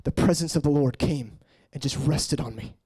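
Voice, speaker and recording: A man in his late twenties preaching an emotional personal testimony, shifting between hushed murmurs and raised, intense passages. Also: moderate pace, slightly rough. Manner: earnest, swinging from hushed murmurs to raised, high-pitched intensity.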